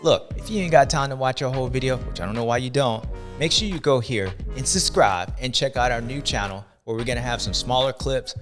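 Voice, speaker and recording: A man hosting a casual sports recap show, talking in slangy, animated commentary with sudden loud outbursts. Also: medium pitch. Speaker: host.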